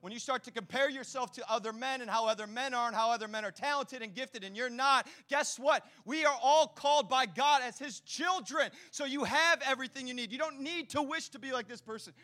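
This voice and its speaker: A male pastor preaches a lively sermon in a very high, bright, forceful voice, going a little fast with few pauses. Energetic and direct throughout, he addresses the congregation with easy, casual slang mixed in.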